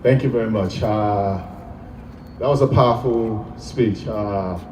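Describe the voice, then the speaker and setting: A man's voice: on the low side, slow pace, a little mellow. A man from Nigeria speaking at an outdoor rally, hesitant and full of fillers. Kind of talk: speech at a rally. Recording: distant echoey mic with crowd noise.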